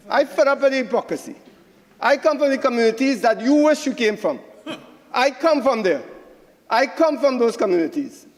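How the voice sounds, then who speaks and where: A man's voice: extremely high pitch, big-room sound. A man with a Trinidadian accent giving a combative senate debate speech, repeating phrases for emphasis. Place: senate chamber.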